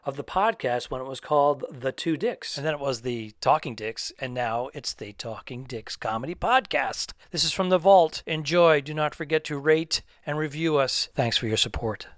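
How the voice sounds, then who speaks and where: A man's voice: medium pitch, normal speed, hardly any pauses. A man co-hosting a comedy podcast in casual chat, making jokey, playful asides. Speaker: podcast co-host.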